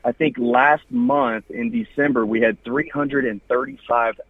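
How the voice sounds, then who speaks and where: This podcast chat features a wrestling TV host with a Southern US accent, casually promoting his show and reeling off plenty of names and details. He speaks at a medium pitch in a steady, unhurried tone. There's no room sound, and the line is dry, husky and phone-like.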